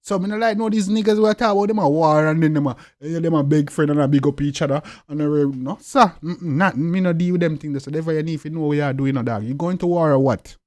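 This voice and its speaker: A young man with a Jamaican accent talks in an interview, forceful and repetitive, his voice pitched a little high. His delivery keeps circling back and rising into loud, emphatic bursts. The sound is close and dry, with no room around it. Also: fast talker, few pauses, dry recording. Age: young adult. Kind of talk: interview talk.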